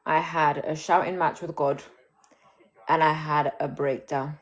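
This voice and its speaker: A grieving woman speaks low on her phone at home. She talks candidly and emotionally, stopping and restarting her sentences. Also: steady tone. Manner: open and emotional, halting restarts. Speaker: livestream host. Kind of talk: candid live chat.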